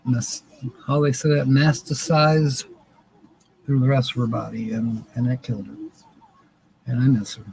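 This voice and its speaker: A man's voice: mid-range voice, gravelly, mellow, slight background noise, low-quality recording. A man hosting a live stream, chatting in a rambling, folksy and joking way. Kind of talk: casual live stream chat.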